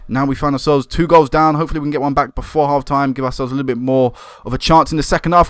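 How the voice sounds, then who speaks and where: A young man commentating on a football management game, excitable and swearing when it goes wrong. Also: fairly high pitch, fast, hardly any pauses, no echo, studio quality. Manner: excitable, swearing and laughing at goals. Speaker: gaming commentator.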